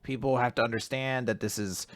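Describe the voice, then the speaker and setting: A man in casual podcast chat who recaps comic chapters with enthusiasm, dipping in and out of the characters' lines. His voice sits at an ordinary middle pitch. The sound is dry and close. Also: fairly quick, dry recording. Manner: animated retelling, acting out character lines, frequent laughs. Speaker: podcast co-host recapping manga.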